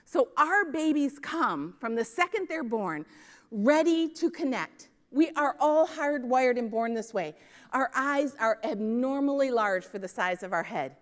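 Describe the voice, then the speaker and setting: Middle-aged woman from Minneapolis, high voice, keynote storyteller; recorded in a large reverberant hall. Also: expressive, a little slow. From Minneapolis, US Midwest. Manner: storytelling, asks the audience "right?" often. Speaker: conference keynote speaker. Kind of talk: keynote talk. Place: conference hall stage.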